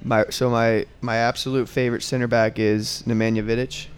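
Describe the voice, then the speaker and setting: A young man, a soccer player guest, answering modestly and softly in a casual chat. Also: medium pitch, little pitch movement, fairly quick, smooth. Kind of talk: casual interview.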